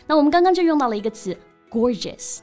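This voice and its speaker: Bright-voiced woman hosting a bilingual lesson. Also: high-pitched, expressive, quick pace. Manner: bright, switches languages, laughs often. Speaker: co-host teaching English. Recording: soft music behind.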